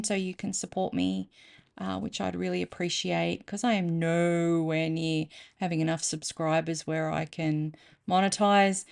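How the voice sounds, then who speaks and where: A woman's voice: fairly low pitch, creaky. An Australian woman hosting a reading channel, chatting casually and thinking aloud in a self-mocking way. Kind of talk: casual chat to camera.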